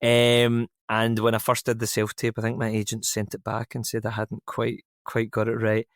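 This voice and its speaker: A man's voice: fairly low pitch, completely flat delivery, moderate pace, no room sound, studio quality. A young adult man, an actor guest chatting casually and poking fun at himself with frequent laughs. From Scotland. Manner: self-deprecating, laughs often, rambling asides. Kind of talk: casual interview chat.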